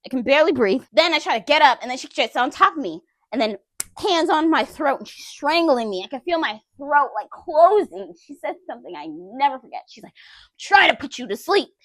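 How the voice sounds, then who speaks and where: A woman with a fairly high voice recounts a personal story straight to the camera. She talks candidly and conversationally, speaking directly to her viewers. The recording is close and dry, with almost no room sound. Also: animated, fairly quick, dry recording. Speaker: vlogger.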